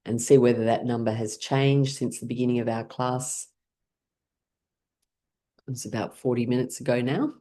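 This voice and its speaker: A woman's voice: very deep voice, fairly even intonation, moderate pace, long pauses, warm tone. A woman teaching an online laughter class, guiding playful pretend scenes and breaking into frequent bursts of laughter. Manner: playful, leading imaginary scenarios.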